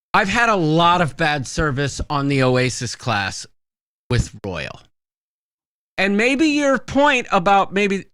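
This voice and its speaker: A man's voice: high voice, fairly bright tone, clean tone, no echo. A man hosting a casual podcast, telling rambling stories with many fillers. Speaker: podcast host. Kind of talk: casual chat.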